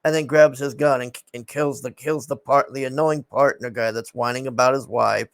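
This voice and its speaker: A man's voice: medium pitch, steady tone, moderate pace, no room sound. A man casually recapping a film in a rambling, exasperated way, swearing often and sighing.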